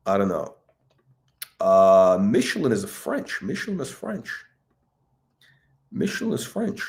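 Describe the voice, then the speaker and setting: A man's voice: fairly low pitch, wildly swooping pitch, unhurried, creaky, darkish tone. A man talking in a rambling, profane monologue, with many fillers, restarts and laughs between remarks. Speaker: watch commentator.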